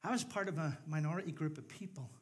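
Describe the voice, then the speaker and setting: Northern Irish male preacher, middle-aged, slightly high voice, jokey storytelling turning fervent. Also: fast. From Northern Ireland. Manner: humorous storytelling, rising to fervent appeal. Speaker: pastor. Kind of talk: sermon.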